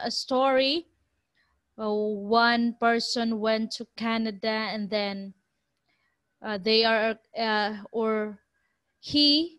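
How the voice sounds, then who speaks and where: Slow-speaking woman lecturing. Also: on the high side, a bit bright, no echo. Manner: unhurried, explaining with many examples. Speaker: university lecturer. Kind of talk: classroom lecture.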